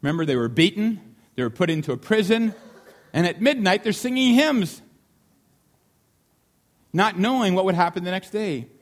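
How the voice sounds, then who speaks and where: A man preaching a sermon in an animated way, often repeating key lines for emphasis and acting out voices in the story. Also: high voice, moderate pace, long pauses. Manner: animated, acts out the disciples' shouting.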